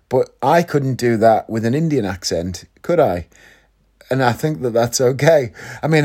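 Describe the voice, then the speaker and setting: A man's voice: mid-range voice, a little mellow. Male vlogger, Northeast English origin, mid-range voice, loose chatty delivery full of tag questions. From Northeast England. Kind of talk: casual vlog monologue.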